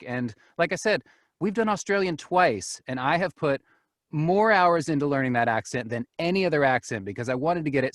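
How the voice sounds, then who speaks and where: Brief: man, casual guest on a call, relaxed, quick to laugh, dry sound. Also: mid-range voice, no room sound. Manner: easygoing, laughs often, frequent "you know". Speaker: guest, narrator and group admin. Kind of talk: casual interview chat.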